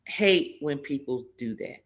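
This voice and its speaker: A middle-aged woman co-hosting a live stream, telling her side in an emphatic, animated way. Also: very deep voice, measured pace, vocal fry, music in the background. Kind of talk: casual live stream chat.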